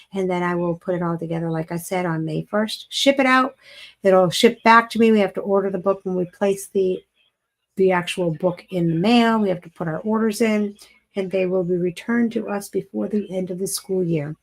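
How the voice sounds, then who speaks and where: A woman teacher chatting on a live-stream show, telling a story with a lot of enthusiasm and plenty of fillers. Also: medium pitch. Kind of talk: casual live-stream chat.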